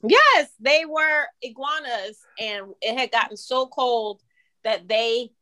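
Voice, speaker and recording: Lively Florida woman chatting. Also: a little high. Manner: animated, quick to laugh, playfully exaggerated. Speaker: podcast co-host. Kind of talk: casual chat.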